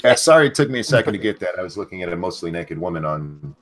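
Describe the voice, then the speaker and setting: A man's voice: deep voice, big pitch swings, quick pace. A man reading viewer messages in a casual chat, offhand.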